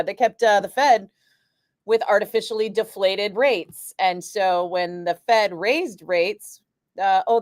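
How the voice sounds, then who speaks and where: A woman radio DJ chatting casually, telling an animated story and acting out what others said, with lots of "like" fillers. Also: lowish voice, no room sound, studio quality. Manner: animated, acts out quoted voices, frequent "like". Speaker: radio DJ chatting with a live stream. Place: radio studio. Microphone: studio microphone.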